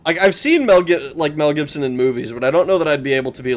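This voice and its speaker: A man's voice: a little high, lively intonation, quick pace, hardly any pauses. Rambling man streaming a game. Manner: rambling, swears, laughs, talks back to chat. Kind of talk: casual gameplay commentary.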